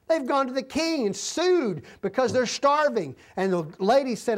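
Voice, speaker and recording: An earnest preacher delivering a Bible-teaching sermon in a mid-pitched voice. The delivery halts now and then, with restarts and self-corrections. Scripture passages are read aloud in the same voice. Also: animated, fairly quick, hardly any pauses.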